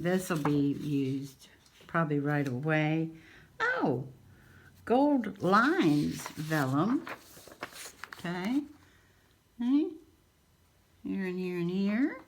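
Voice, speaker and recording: Woman, craft haul host, slow-paced, gushing and cooing over items. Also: lowish voice, slight background noise. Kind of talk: casual haul show-and-tell.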